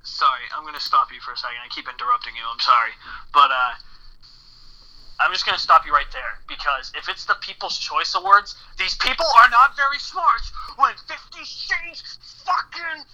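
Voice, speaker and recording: Dude co-hosting over a tinny call line, jokey and excitable, really bright tone. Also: male voice, a little high, normal speed. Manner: excitable, interrupting, joking. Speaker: podcast co-host. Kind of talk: casual ranting chat. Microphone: remote recording setup.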